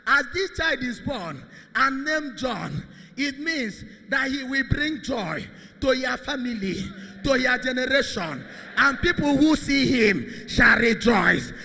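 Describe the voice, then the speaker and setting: A man, a Catholic priest, leading prayer with shouted, repetitive declarations. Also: very high voice, lively intonation, slow pace, creaky. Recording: long hall reverb.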